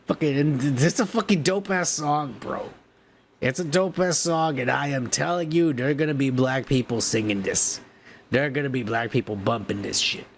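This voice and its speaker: A man's voice: mid-range voice, moderate pace, a little hiss or hum. A male podcast host delivering a profane, ranting comedic news segment.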